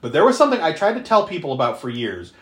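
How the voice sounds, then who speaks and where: A podcast co-host chats through a movie recap, laughing a lot and swearing casually. The voice swings widely in pitch. It sits in a roomy, echoey space. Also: very animated, quick pace.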